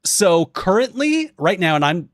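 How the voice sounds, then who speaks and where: Animated young man telling a story on stream. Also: high-pitched, a little slow, no echo, clean studio sound. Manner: animated, swearing, laughing, acting out quotes in different voices. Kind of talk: casual stream chat, storytelling.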